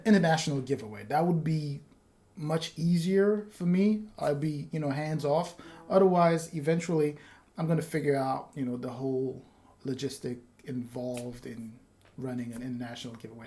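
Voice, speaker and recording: With a medium-pitched voice and a dark tone, a man presents a giveaway vlog for his own YouTube channel. His talk is casual and rambling, apologetic, and punctuated by nervous laughs.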